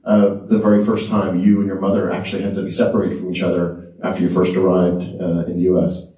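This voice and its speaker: A man with a low, mellow voice asks a long, hesitant question as moderator of a talk. He sits far from the microphone in a room with a strong echo. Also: completely flat delivery. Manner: halting, searching for words. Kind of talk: interview question. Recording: echoey room, distant mic.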